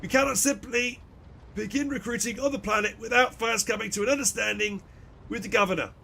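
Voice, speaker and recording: A man voicing a weary male ship administrator in a game, speaking slowly and formally. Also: high-pitched, creaky, sharp tone, slight background noise, pitched above the performer's own voice, full character voice.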